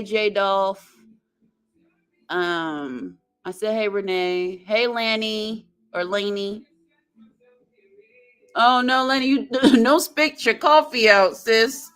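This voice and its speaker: Slow-talking woman hosting a livestream. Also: medium pitch, smooth. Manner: chatty, halting, greets viewers one by one. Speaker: livestream host. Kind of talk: casual livestream chat.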